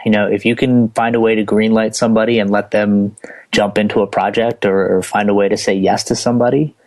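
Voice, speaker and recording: A man, a teacher from southern New Jersey, answering as a podcast guest. His voice is low and his delivery fairly flat, yet he talks in an earnest, enthusiastic way. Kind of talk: interview answer.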